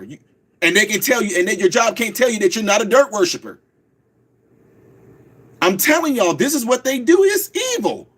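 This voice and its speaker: Fast-talking, high-voiced man radio host. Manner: preachy, emphatic, repeats words slowly for stress. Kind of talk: fast call-in radio talk, streamed live.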